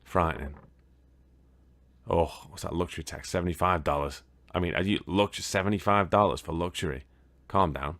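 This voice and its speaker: A man's voice: low-pitched, moderate pace, a bit bright. A British man casually commentating as he plays a board game video game, rambling and swearing now and then. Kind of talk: casual let's-play commentary.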